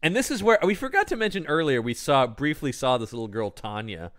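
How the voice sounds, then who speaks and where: A man's voice: mid-range voice, very animated, brisk, fairly bright tone. A man co-hosting a casual movie recap, laughing often and acting out the characters' lines. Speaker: podcast co-host.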